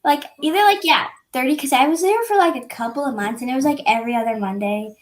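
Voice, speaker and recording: A woman's voice: high-pitched, quick pace. A teenage girl telling stories in a casual interview, laughing often and acting out what people said. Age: teens. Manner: giggly, animated, acts out quoted dialogue. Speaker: guest.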